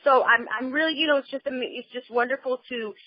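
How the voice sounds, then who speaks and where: A woman hosting an interview, talking in a bubbly, effusive, excitable way. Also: high-pitched, fast talker, husky, dry recording. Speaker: interview host. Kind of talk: casual interview talk. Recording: dull, lo-fi phone-line audio.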